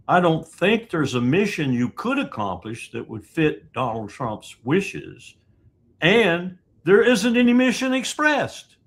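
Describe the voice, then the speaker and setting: Gravelly man in emphatic commentary. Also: high voice, a bit bright. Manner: emphatic, sarcastic, mocks quoted officials. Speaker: guest analyst. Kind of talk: political commentary.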